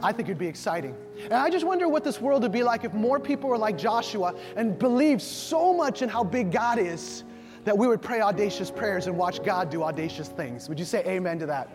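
A man's voice: high-pitched, animated, fairly quick. A man preaching a sermon to a congregation, calling for responses and acting out little scenes of dialogue. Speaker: pastor. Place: church sanctuary. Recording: long hall reverb with faint music.

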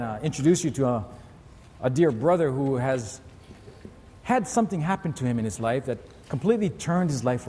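A man preaching a sermon as pastor, animated, acting out pleading voices with big leaps in pitch. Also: in a large hall, slight background noise.

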